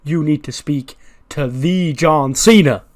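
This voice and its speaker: A man's voice: fairly high pitch, slow. A man voicing a brash veteran male wrestling champion, delivering boastful trash talk. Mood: challenging.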